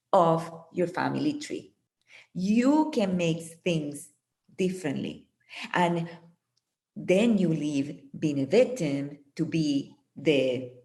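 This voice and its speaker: A woman's voice: lowish voice, a little mellow. A woman guest on a podcast, sharing personal stories in an earnest, emphatic, motivational way. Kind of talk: reflective personal storytelling.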